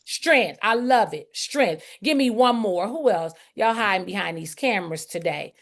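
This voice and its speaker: A woman speaking in a mid-range voice at a moderate pace leads a coaching video call for a group. Full of energy, she calls on attendees by name and emphatically repeats important phrases.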